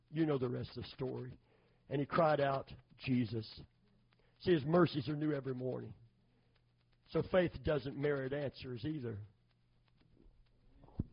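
A middle-aged man preaching a sermon, calling for amens and building to loud, fervent emphasis. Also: a little high, slight background noise. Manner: call-and-response, asking for amens. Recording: dull lo-fi sermon recording.

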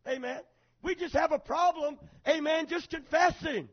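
A man's voice: very high voice, normal speed. A male pastor preaching a sermon, emphatic, calling out for amens from the congregation, on a dull lo-fi recording.

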